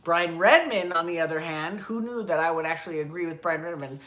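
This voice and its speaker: Lady rambling through her own show, kinda low voice, curses a lot, keeps correcting herself. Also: lively intonation, fairly quick, a bit bright. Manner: chatty, rambling, swears freely, self-correcting. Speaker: podcast host. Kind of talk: casual solo commentary.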